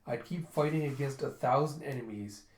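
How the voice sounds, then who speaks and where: A man voicing a gruff, stern middle-aged general in a comic book reading, low and measured. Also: darkish tone, close to an everyday voice. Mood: grim. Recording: roomy echo.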